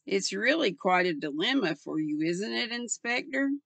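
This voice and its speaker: A woman's voice: mid-range voice, normal speed, gravelly, no room sound. Older woman reading as a cool, amused young woman. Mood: challenging. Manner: calm, guarded, faintly amused.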